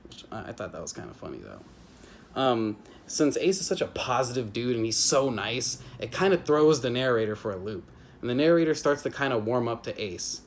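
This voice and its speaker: A man casually reviewing a book chapter at home, rambling with many fillers and restarts and slipping into quick character impressions. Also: medium pitch, darkish tone, a little hiss or hum. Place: home with family nearby.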